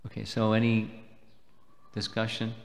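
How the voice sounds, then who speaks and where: A low-voiced man delivers a measured devotional lecture, pausing to explain each point. His voice rings out with a long reverb that fills the temple hall. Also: monotone, creaky. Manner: measured, explanatory, slow and deliberate. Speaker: swami lecturing at a festival.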